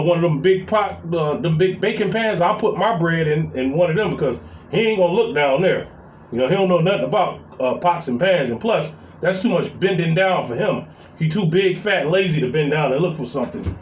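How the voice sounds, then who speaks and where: Brief: middle-aged man, high voice, profane rambling rant, roomy echoey room. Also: highs cut off, slight background noise. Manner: profane, rambling, full of fillers and repeats. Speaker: vlogger venting about family. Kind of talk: casual storytelling rant. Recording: roomy echo.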